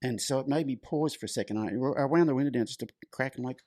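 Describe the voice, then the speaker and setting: A man's voice: medium pitch, quick pace, darkish tone, no room sound, studio quality. A middle-aged man, a horse clinician, telling a long personal story in a loose, chatty way as a podcast guest. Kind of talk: storytelling in conversation.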